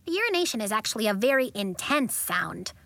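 Deadpan earnest schoolboy read by a woman, dry close recording. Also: a little high, brisk, creaky, no echo, heavily acted. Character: odd, matter-of-fact schoolboy in aviator goggles.

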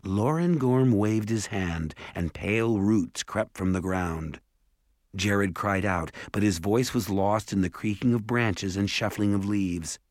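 Deep, slow male storyteller. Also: no room sound, clean studio sound. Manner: calm, even storytelling. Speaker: narrator. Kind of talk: audiobook narration.

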